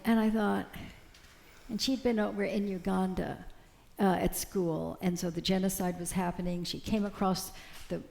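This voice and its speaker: An older American woman on a panel telling a personal story, halting and repeating words as she speaks. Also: medium pitch, steady tone, creaky, dark tone.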